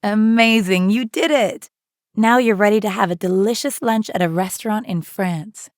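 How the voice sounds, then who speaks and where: A woman's voice: mid-range voice, normal speed, dry recording. Upbeat woman teaching in a dry studio. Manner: upbeat, encouraging. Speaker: co-host of audio lessons. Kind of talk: scripted lesson narration.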